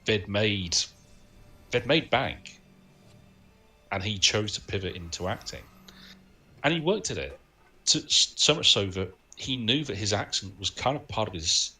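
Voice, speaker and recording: A man's voice: on the low side, lively intonation, measured pace, long pauses, pushed and bright. A man co-hosting a film podcast, sharing film trivia in a casual, anecdotal way. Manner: knowledgeable, anecdotal, laughs often. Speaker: podcast co-host.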